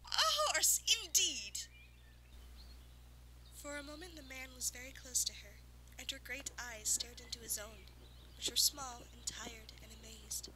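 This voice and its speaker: A woman narrating a fantasy storybook aloud in a soft, measured, lyrical way, sometimes dropping to a whisper. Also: fairly high pitch, fairly even intonation, a crowd in the background, low-quality recording. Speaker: audiobook reader.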